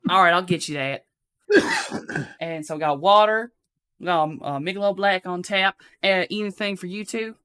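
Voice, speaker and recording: A man's voice: high voice, moderate pace, sharp tone, smooth. A man voicing a folksy Southern steakhouse waitress who drawls and calls her customers sweetheart and darling. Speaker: game master voicing a character.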